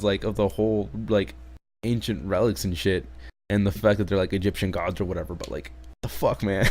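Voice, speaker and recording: A man's voice: on the low side, brisk, darkish tone. A man hosting a casual anime review, rambling, swearing heavily and laughing in disbelief. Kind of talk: casual chat.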